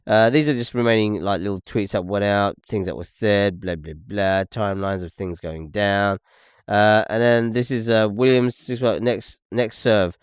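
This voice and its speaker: A man's voice: lowish voice, steady tone, normal speed, clean tone, dry recording, studio quality. A young man hosting a podcast, ranting and swearing as he comments on video clips, repeating "look" and "okay". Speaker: podcast host.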